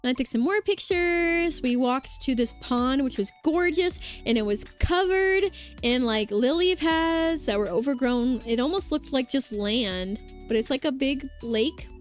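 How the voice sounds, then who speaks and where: A woman's voice: high-pitched, expressive, measured pace. A young woman streaming as a vtuber, chatting casually with lots of "like" and "um", her throat sore after hours of talking. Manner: rambling, filler-heavy, reads chat aloud. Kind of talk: casual livestream chat. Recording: faint music behind the voice.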